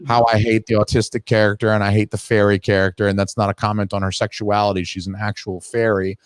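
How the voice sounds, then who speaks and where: A man with a New Hampshire accent co-hosting a podcast, blunt and deadpan, with crude jokes. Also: lowish voice, fast, clear, resonant tone, dry recording. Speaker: podcast co-host. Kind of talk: casual crude banter.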